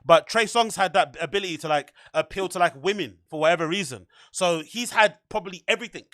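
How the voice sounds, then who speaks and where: A young man hosting a podcast, chatting casually in a rambling, animated way, full of fillers and swearing. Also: high voice, quick pace, no echo, studio quality. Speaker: podcast host. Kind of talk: casual chat.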